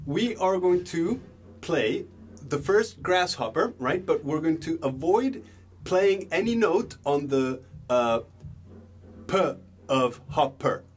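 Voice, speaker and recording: A young man teaching a beginner drum lesson, relaxed, chanting rhythm words slowly as he claps and plays. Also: a little high. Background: drums and backing music.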